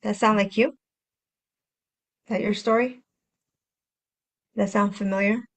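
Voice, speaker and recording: A woman hosts a healing-focused podcast in a gentle, reflective self-help tone. Her voice sits at a medium pitch. She often repeats phrases and slips into soft, sighing inner-voice asides. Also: steady tone, takes it slowly. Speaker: podcast host and healing coach.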